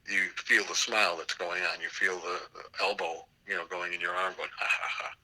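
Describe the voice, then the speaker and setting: Older guy, theater prof, spinning stories, lowish voice, really bright and forceful, gets animated. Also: normal speed, poor audio. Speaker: theater professor. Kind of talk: storytelling interview over a call.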